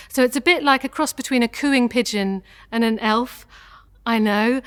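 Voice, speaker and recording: A woman teaching a vocal warm-up lesson, giving clear instructions with encouragement and showing each sound herself. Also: a little high, expressive, moderate pace. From England. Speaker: singing teacher.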